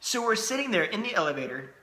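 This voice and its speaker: A man in his thirties, a podcast co-host, telling a funny personal story in casual chat, animated and laughing often. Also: sits high, fast talker, roomy sound.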